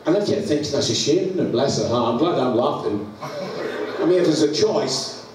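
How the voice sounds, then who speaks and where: A man's voice: mid-range voice, lively intonation, moderate pace. A Scottish man preaching, telling a funny story with lots of laughter and acted-out sounds. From Scotland. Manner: laughs through his story, acts out sounds. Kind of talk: humorous sermon storytelling. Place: church hall. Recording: echoey church, distant mic, background noise.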